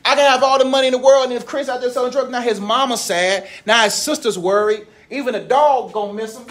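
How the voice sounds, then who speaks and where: A man in his thirties giving a casual, animated sermon talk, laughing often as he speaks. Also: very high-pitched, fairly quick. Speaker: preacher.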